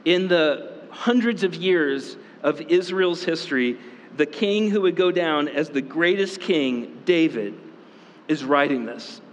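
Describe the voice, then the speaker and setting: A man preaching a sermon as pastor, talking casually with many fillers and quick asides. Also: on the high side, slight background noise. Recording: long reverb in a hall.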